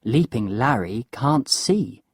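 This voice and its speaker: A woman narrating a simple story slowly and deliberately for English learners. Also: a bass voice, expressive, a little mellow, no room sound, studio quality. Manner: slow, clear and deliberate.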